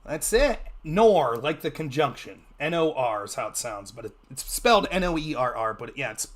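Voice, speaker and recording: A man speaking as a guest political commentator in a casual interview, animated, with sharp upward jumps in pitch when he greets people. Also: fairly quick.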